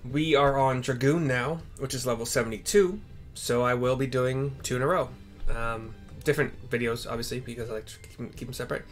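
A man talks loosely through a game playthrough, trailing off and correcting himself as he goes. His voice sits at an ordinary middle pitch. Quiet game music plays behind him. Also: fairly even intonation, brisk. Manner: rambling, self-correcting, chatty asides. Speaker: game streamer. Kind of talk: casual gameplay commentary.

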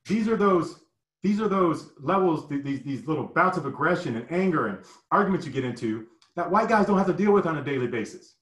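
A man in his fifties telling personal stories, animated and acting out the people in them. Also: fairly high pitch. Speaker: guest storyteller. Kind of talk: personal storytelling. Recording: roomy echo.

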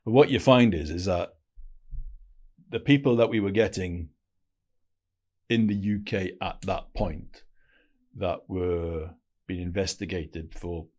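A man with a fairly low voice tells stories in a casual podcast interview. He is blunt and slangy, and he often restarts his sentences as he talks. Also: slow, pauses often, a little mellow. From Wales. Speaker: podcast guest, former intelligence operative.

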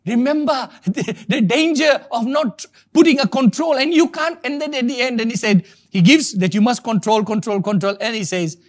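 A man's voice: extremely high pitch, normal speed. A man preaching a sermon. He is emphatic and repeats key words for stress.

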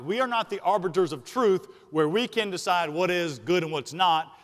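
Speaking in a high, Southern-accented voice, a senior pastor delivers an emphatic sermon. Important words get stressed and drawn out, while asides come quickly, all echoing with the lengthy reverberation of a sanctuary.

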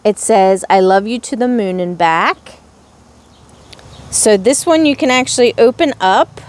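In a casual haul vlog, a young crafts vlogger with a mid-range voice shows off little charms, gushing over each one with drawn-out exclamations.

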